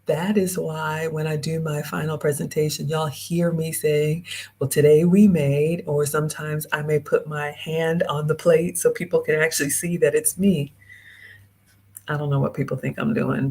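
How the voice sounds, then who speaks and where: A woman's voice: low voice, level tone, normal speed, vocal fry, darkish tone, husky. A woman hosting a live-streamed travel vlog, chatting straight to her viewers and reading out their comments. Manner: chatty, talks straight to viewers and reads out chat. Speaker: host.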